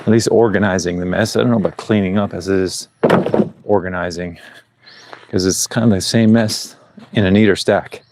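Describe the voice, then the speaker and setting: A man's voice: sits low, steady tone, normal speed, darkish tone, a little hiss or hum. A middle-aged man vlogging live outdoors on a rural building site, chatting in a rambling way and chuckling between thoughts. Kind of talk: casual live-stream chat. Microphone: clip-on mic.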